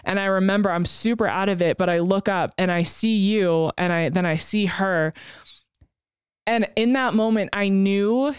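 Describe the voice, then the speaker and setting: A woman's voice: medium pitch, moderate pace, clean tone, no echo, clean studio sound. A woman in her thirties telling a personal story as a podcast co-host, frank and emotional, swearing casually.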